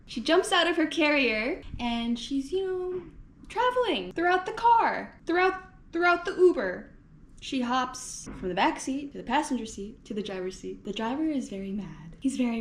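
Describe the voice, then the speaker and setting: A woman's voice: a little high, a little hiss or hum. A woman in her twenties telling a candid personal story in a vlog from a hotel room, bluntly and with frequent swearing. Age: 20s. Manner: blunt, swears freely, lots of "like". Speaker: vlogger.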